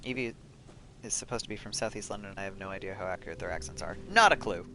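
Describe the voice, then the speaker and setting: A man's voice: low-pitched, fairly even intonation, rapid-fire, fairly bright tone, slight background noise. A man chatting loosely to viewers while playing a video game live, swearing freely and rambling. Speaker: game streamer. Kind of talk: casual live-stream commentary. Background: game music.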